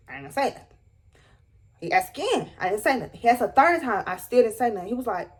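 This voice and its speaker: A young woman telling a dramatic storytime to her viewers, animated and emphatic. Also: high voice, moderate pace, breathy edge. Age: young adult. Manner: animated, dramatic retelling with rising squeals. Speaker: storyteller vlogger. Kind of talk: storytime vlog.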